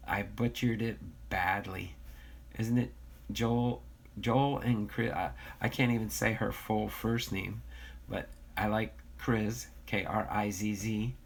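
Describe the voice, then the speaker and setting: A man's voice: lowish voice, fairly even intonation, slow pace, vocal fry. An American man hosting a casual livestream, reading viewer comments aloud and bantering, with a slightly nasal voice. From United States. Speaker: livestream host.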